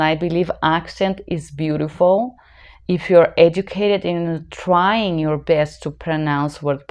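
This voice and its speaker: A woman's voice: fairly low pitch, clean tone. A woman interpreter with a non-native accent in English, giving earnest, emphatic advice to her viewers. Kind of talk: advice vlog.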